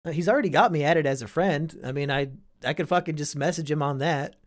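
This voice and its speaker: A man's voice: on the high side, fast. A young man from Iowa hosting a casual live stream, reading and answering chat with sardonic, profane banter.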